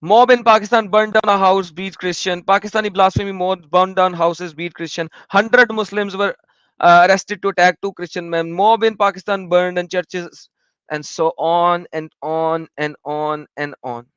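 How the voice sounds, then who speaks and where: A man's voice: high voice, fairly even intonation, moderate pace, fairly bright tone, clear, resonant tone, no room sound, lo-fi sound. A man giving emphatic, repetitive, indignant commentary on a video blog while reading out search results. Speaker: vlogger.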